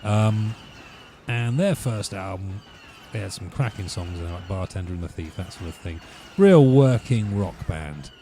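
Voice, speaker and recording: A man's voice: lowish voice, expressive, moderate pace, noisy background. A man hosting a let's play, rambling through wry, ranting commentary while he plays.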